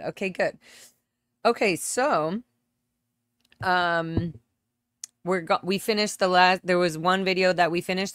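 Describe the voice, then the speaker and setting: A woman's voice: deep voice, no echo. A woman hosting a casual livestream from home on a close microphone, chatting and greeting viewers by name. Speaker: livestream host. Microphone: close desk microphone.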